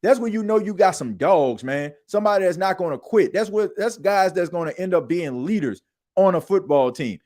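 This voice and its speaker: A man hosts a sports talk podcast. He rants in an emphatic, colloquial way, and his voice sits a little high for a man. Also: expressive, normal speed, a little mellow. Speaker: podcast host. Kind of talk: animated sports talk monologue.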